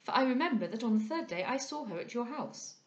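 A composed, polite young heiress in a period storybook, read by a woman close to her own voice. She speaks in a measured, gently ironic tone, slightly raised in pitch. The recording has a roomy echo. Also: animated, highs cut off, close to an everyday voice. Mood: wry.

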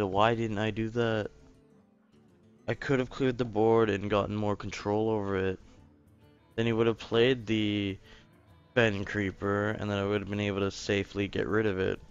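Gravelly young man ranting angrily. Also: fairly low pitch, lo-fi sound. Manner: angry, swearing, self-blaming. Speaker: gaming video host. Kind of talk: frustrated gameplay commentary.

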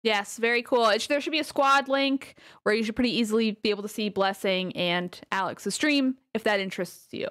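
A woman's voice: a little high, brisk, few pauses, fairly bright tone. A woman hosting a game stream in casual chat, upbeat and laughing often. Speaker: stream host.

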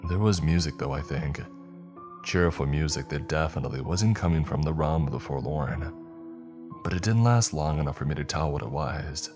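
A man narrates a horror story in a measured, steady way. His voice is extremely deep, and soft music plays faintly beneath him. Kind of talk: scripted narration.

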